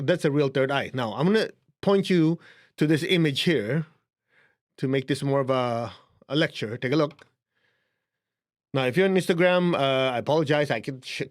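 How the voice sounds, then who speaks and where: A man with a Chinese accent giving a casual, conversational spiritual lesson, chuckling now and then as he explains. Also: fairly high pitch. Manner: conversational, chuckling, shows a book to camera. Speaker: spiritual teacher. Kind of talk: casual teaching talk to camera.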